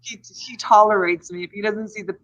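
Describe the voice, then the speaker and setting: A woman in her forties with a Boston accent hosts a relaxed chat and rambles from one thought to the next. She laughs easily and speaks at a middling pitch. The recording sounds dull and lo-fi. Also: a little fast. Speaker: host. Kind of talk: casual chat.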